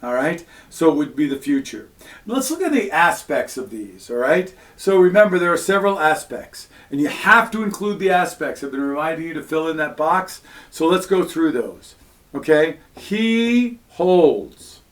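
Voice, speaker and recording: A man's voice: a little high, big pitch swings, moderate pace, fairly bright tone. Patient man teaching a Latin lesson. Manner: patient step-by-step explaining, frequent "all right" and "um". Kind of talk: recorded classroom lesson.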